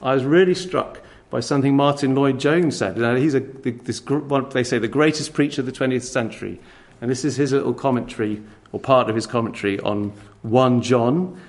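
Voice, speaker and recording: A man preaching a sermon in a church, animated, acting out quick dialogues and chuckling at his own jokes. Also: medium pitch.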